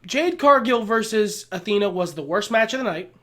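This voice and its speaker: A man co-hosts a wrestling podcast in a high, animated voice with a sharp edge, speaking at a moderate pace. He chats casually and offers strong opinions, swearing and laughing along the way.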